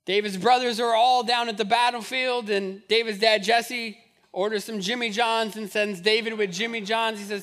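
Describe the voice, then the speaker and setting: A male pastor delivers a sermon, joking in a chatty way before building to fervent, repeated appeals. His voice is very high for a man, with a bright and forceful tone. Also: fairly even intonation, moderate pace, long reverb tail. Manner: conversational, humorous, building to fervent repetition.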